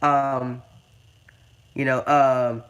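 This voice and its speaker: A man's voice: mid-range voice, flat delivery, drawn-out words, fairly bright tone, clean tone, highs cut off. A young man hosting a casual gaming video, stammering and repeating words, calling people dude and man. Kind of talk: casual game commentary.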